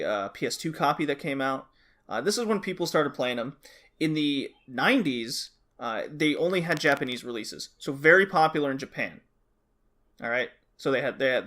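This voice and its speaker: A man's voice: medium pitch, a bit bright. A man co-hosting a casual podcast, explaining things at length with restarts and frequent check-ins with his co-host.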